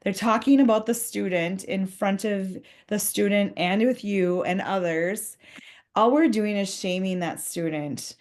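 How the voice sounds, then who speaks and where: A woman's voice: mid-range voice, measured pace, darkish tone. A woman giving a conversational professional development talk to school leaders, earnest, acting out short example dialogues.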